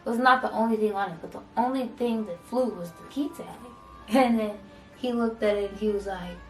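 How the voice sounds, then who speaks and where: A young woman vlogger casually telling a storytime, acting out both sides of an argument in an animated way. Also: mid-range voice, brisk. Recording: echoey room, mic at a distance, faint music.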